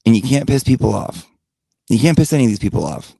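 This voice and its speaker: A man's voice: mid-range voice, lively intonation, fast, gravelly, mellow, slightly rough, no echo, studio quality. A man telling a blunt, profane gossip story in a rambling rant-style monologue. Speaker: channel host.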